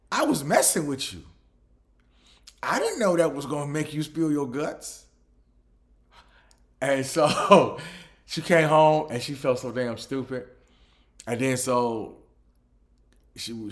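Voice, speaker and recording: Man telling a story with lively pitch. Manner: restarts often, animated retelling. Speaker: podcast host. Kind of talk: casual storytelling.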